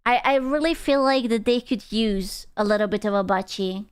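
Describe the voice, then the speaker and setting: A woman's voice: mid-range voice, normal speed, clear, resonant tone, no room sound. A young adult woman, chatting on a live stream in a playful, crude, giggly way. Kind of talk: casual stream chat reading chat.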